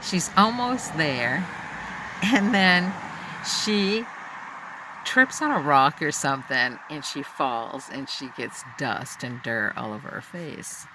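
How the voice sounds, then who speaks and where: Slow, halting man telling a personal story. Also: mid-range voice, expressive, noisy background. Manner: halting, full of fillers and restarts, drifts into quoted voices. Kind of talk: personal story told unscripted.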